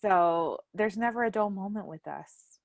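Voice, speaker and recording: A young adult woman hosting a casual family podcast chat, an animated storyteller who laughs often and acts out quoted lines loudly. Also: medium pitch, a little slow, gravelly, dry recording. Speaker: podcast host.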